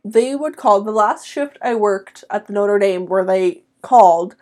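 A woman's voice: mid-range voice, measured pace, a little mellow. A young woman co-hosting a podcast, talking bluntly and swearing freely in casual chat. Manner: blunt, profane, laughs often. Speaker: podcast co-host.

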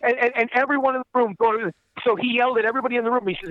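High-voiced man telling rambling stories. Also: fairly even intonation, very fast, dry recording, highs cut off. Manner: rambling, repeats himself, lots of swearing. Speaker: guest voice actor. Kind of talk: profane anecdote telling.

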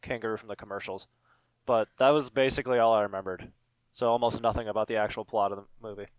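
A man's voice: fairly low pitch, fairly even intonation, fast, smooth, no room sound. Hesitant man on a dry podcast mic. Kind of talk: casual chat.

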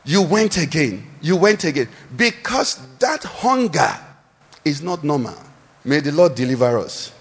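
A man preaching a sermon, animated, posing questions for the congregation to answer, recorded in a large church hall. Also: on the high side, normal speed, husky. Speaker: pastor. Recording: echoey hall with long reverb.

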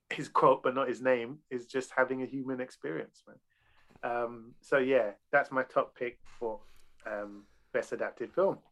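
A man's voice: medium pitch, fairly bright tone. A man in casual podcast chat about films, talking in a loose, profane, enthusiastic way. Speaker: podcast panelist.

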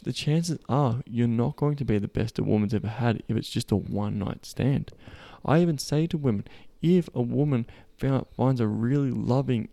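A man's voice: mid-range voice, creaky, mellow, no echo. A man coaching other men on dating, talking bluntly in a casual monologue full of swearing and restarts. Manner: blunt and profane, with frequent restarts, growing emphatic. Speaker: podcast host and men's dating coach.

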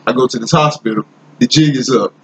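A man voicing a brash, scheming man who fakes an injury after a car crash, in a deeper voice than his own. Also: fast, a bit bright, slightly rough, low-quality recording. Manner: sly, brash, streetwise.

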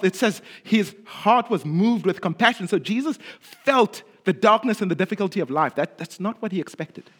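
Man, sermon, high voice, lively pitch swings, soft low phrase endings, repeats words. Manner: expressive, drops low and quiet at phrase ends, repeats words when emphatic. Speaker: preacher.

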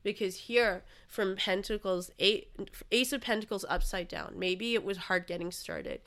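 A woman hosting a casual podcast chat and reading tarot cards, animated and quick to laugh. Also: mid-range voice.

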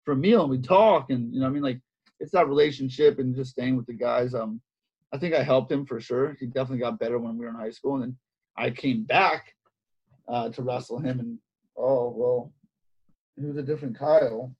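Husky-voiced wrestling coach, dull recording. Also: male voice, medium pitch, fairly quick. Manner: animated, repeats phrases, many fillers. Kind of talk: casual interview storytelling. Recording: dull lo-fi sound.

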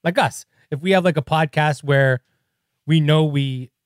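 A man's voice: a little high, measured pace, clean tone, no room sound, clean studio sound. A man co-hosting a podcast in casual chat, rambling in a laid-back way and saying "like" often. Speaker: podcast co-host. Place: podcast studio.

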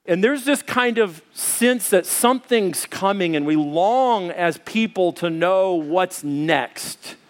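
High-voiced pastor preaching a sermon. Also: male voice, slow pace, few pauses. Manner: animated storytelling, acts out voices of others. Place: church auditorium with audience.

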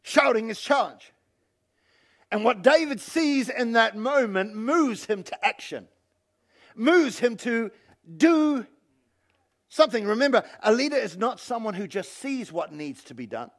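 A male pastor giving an animated sermon and calling on the congregation to respond. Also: very high-pitched, a little slow. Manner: animated preaching, calls on the congregation.

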